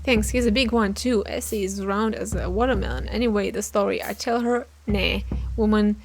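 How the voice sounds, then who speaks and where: A woman's voice: medium pitch, fairly even intonation, moderate pace, gravelly. A woman voicing a chatty male beaver family man who rambles through jokey, folksy stories. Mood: rambling. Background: game music.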